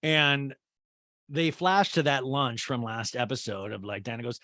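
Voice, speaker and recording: A man's voice: mid-range voice, a little slow, dry recording, muffled recording. A man hosting a podcast, recapping a reality TV episode in a casual, rambling way, swearing and joking as he goes. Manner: animated, rambling, swearing and laughing. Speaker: podcast host.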